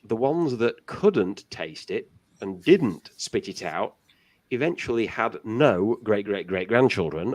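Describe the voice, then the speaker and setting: A man's voice: medium pitch, darkish tone. A man as a guest on a casual talk show, giving long explanations with many restarts.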